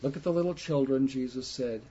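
A man preaching a sermon slowly and emphatically, putting rhetorical questions to his listeners. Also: medium pitch, mellow, husky. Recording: muffled lo-fi recording.

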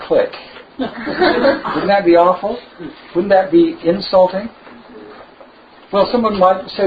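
Slow, emphatic male preacher. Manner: slow, emphatic preaching with shifts to lively asides. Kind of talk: sermon. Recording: dull low-fi recording with faint noise.

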